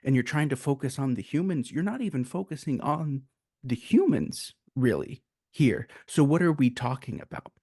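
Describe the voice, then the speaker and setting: A man's voice: medium pitch, big pitch swings, normal speed, darkish tone, breathy edge, no echo, clean studio sound. A man co-hosting a casual film review, making earnest points with rhetorical questions. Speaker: podcast co-host.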